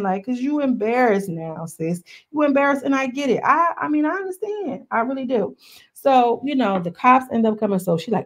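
A woman giving casual, slangy commentary as she recaps a reality show episode, full of animated asides. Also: a little high, a little fast.

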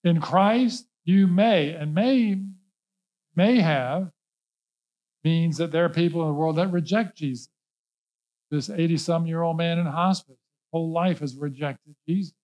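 A man's voice: fairly high pitch, unhurried, darkish tone, highs cut off. A male pastor preaching a sermon, emphatic and folksy, repeating key words and mixing in casual asides. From Norfolk, Virginia.

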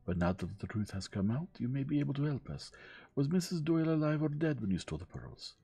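A man reading gently, voicing a shrewd older male detective who speaks in a measured, formal way. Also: medium pitch, sing-song, gravelly, husky, soft background music, voice pushed up, full character voice. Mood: probing.

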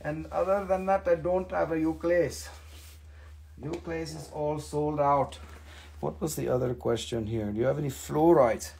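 Gravelly-voiced man selling minerals live. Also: on the high side, steady tone, moderate pace, darkish tone, a little hiss or hum. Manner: chatty, enthusiastic, answers viewer comments. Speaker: mineral seller hosting a live sale. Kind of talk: casual live-stream sales chat.

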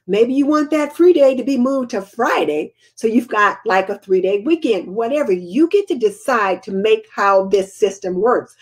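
An older woman, chatting casually as host of a live homemaking Q&A and answering viewer comments. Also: a little high.

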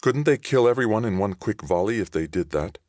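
A man voicing a curious, quick young woman in an audiobook reading. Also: fairly low pitch, animated, a little mellow, no echo, pitched above the performer's own voice, lightly acted. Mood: arguing.

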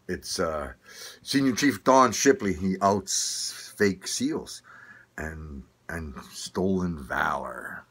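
The older Canadian vlogger, whose accent is from Manitoba, has a low, slightly bright voice with a breathy edge. He meanders through a casual rant of opinions, swearing, laughing frequently and tripping over many restarts.

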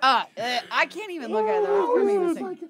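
Giggly woman egging someone on, high voice. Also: animated, a little slow, over a noisy crowd. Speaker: radio morning show co-host. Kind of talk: playful on-air banter. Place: radio studio.

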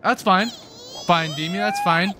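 A young man hosting a gaming video, giving excited let's-play commentary and cheering his team on with slangy outbursts. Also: high voice, unhurried, noisy background. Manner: hyped, yelling at the game, slangy.

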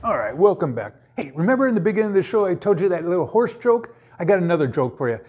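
A man runs a playful math lesson with a high and slightly husky voice. He jokes, sings a little and stays goofy between the steps of each problem. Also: big pitch swings, fast talker, a little mellow. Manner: goofy, jokey, sings and puts on silly voices. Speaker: math teacher.

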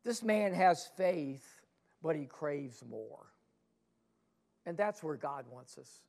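Gravelly-voiced man preaching a sermon. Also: fairly high pitch, animated, slow. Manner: dynamic preaching, swelling loud then dropping to hushed asides; rhetorical questions to the congregation. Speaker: pastor. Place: church sanctuary.

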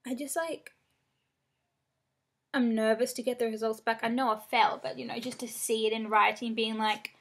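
Upset young woman venting, slightly high voice. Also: steady tone, normal speed, slightly rough. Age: young adult. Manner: upset, rambling and frank, swears often. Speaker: vlogger. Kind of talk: casual venting to camera. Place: small room indoors.

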